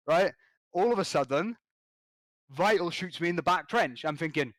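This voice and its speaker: A man guesting on a podcast, telling a gaming story in an animated, slangy way with quick restarts. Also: a little high, no room sound. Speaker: podcast guest, competitive gamer.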